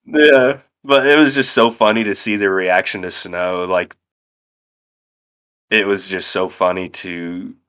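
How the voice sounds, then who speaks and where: A man's voice: low-pitched, steady tone, a little slow, fairly bright tone, clean tone. A young man from central Indiana, telling stories in casual chat, swearing freely and laughing often. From central Indiana, USA.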